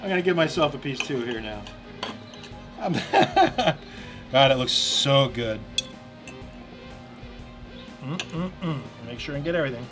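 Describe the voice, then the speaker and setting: A man's voice: medium pitch, expressive, quick pace, hardly any pauses, music in the background. A man hosting a casual cooking demonstration at an outdoor grill, chatty and enthusiastic, talking straight to the camera. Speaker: cooking show host.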